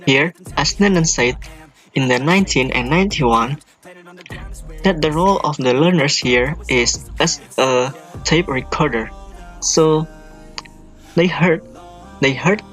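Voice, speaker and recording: A man's voice: mid-range voice, fairly bright tone. A young man giving a class presentation as a student, explaining steadily point by point.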